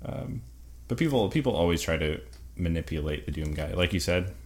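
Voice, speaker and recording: A man with a very deep, low-pitched voice chats about games on a podcast. He speaks with eager enthusiasm, laughs often and pads his sentences with ums and uhs. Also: lively intonation, a little fast, gravelly, darkish tone. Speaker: podcast co-host. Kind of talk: casual gaming chat.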